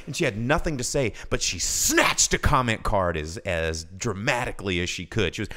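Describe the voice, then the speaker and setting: A man hosting a live show, telling a work story in casual chat and mimicking customers in a high voice. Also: brisk, few pauses, pushed and bright. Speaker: podcast host.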